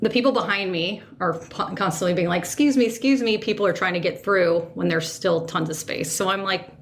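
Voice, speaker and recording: A woman hosting a podcast, telling a personal story in an animated, emotional way and second-guessing herself aloud. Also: fairly low pitch, fairly quick, gravelly, a little hiss or hum. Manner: emotional, sensitive. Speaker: podcast host.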